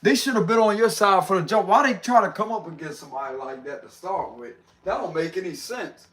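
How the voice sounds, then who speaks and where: High-pitched man, tarot reader, casual livestream talk, slangy, laughs a lot. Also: expressive, fairly quick, a bit bright. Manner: slangy, laughs often, talks to viewers.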